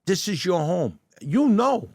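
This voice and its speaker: An older man with a New York accent telling stories in a casual interview, animated and stammering over his starts. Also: sits high, slow pace, creaky, husky, dry recording, studio quality. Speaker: guest, deli owner turned actor. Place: restaurant dining room.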